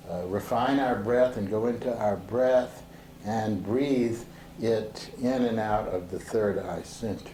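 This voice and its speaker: Male Sufi teacher, slow and searching, full of ums and restarts; recorded in an echoey room with faint street noise. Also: lowish voice, mellow. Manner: slow and halting, with many fillers and restarts. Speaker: Sufi teacher leading a group practice. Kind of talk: relaxed spoken instruction to a seated group. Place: indoor room with a door to the street.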